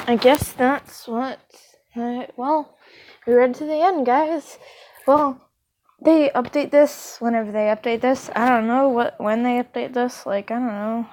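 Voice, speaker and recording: A young woman reading a fanfiction story aloud, breaking off into rambling, giggly asides full of fillers. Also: a little high. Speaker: fanfiction reader.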